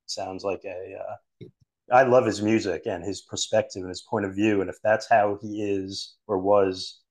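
A man's voice: lowish voice, fairly even intonation, moderate pace, darkish tone. A man hosting a podcast interview, asking admiring questions. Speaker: podcast host.

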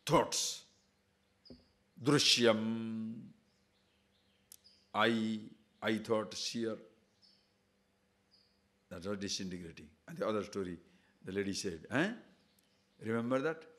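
A man giving a spiritual discourse, telling a fable in an animated way and checking in with his listeners as he goes. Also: lowish voice, slow pace, long pauses. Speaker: spiritual teacher.

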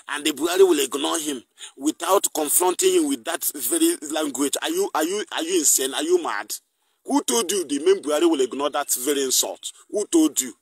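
A man's voice: on the high side, breathy edge, no room sound. Heated Nigerian man ranting on a live broadcast. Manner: heated, mocking, repeats angry rhetorical questions; mixes English with Igbo. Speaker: activist broadcaster. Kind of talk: live online broadcast rant.

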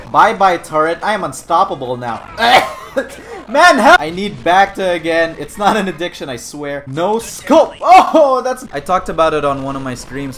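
A young man giving comedic gameplay commentary, excitable and often yelling and laughing. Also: mid-range voice, slight background noise. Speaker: gaming YouTuber.

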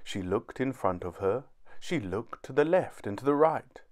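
Guy reading a kids storybook aloud, super lively up and down. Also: medium pitch, moderate pace. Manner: expressive, animated reading.

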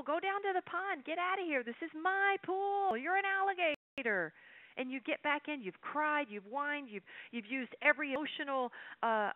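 A woman's voice: mid-range voice, no room sound. A woman giving a live webinar lecture, telling folksy stories and speaking directly to her audience. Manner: folksy, animated storytelling with asides to the audience. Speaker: workshop presenter. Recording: dry, tinny phone-line sound.

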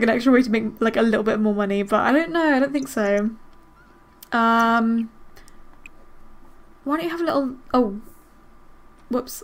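A young woman with a high, bright-sitting voice hosts a casual let's-play, narrating her game session. She chats, wonders aloud about what's on screen and breaks into excited gasps, staying lively and unscripted.

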